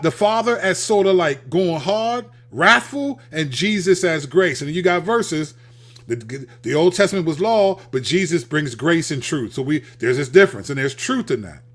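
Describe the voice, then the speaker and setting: A male host delivers a casual, sermon-like talk, mixing loose slang with scripture. His voice sits a little high and swoops widely up and down as he presses his points. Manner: animated, emphatic, repeats phrases for stress. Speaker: Christian channel host. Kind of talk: preaching-style video talk.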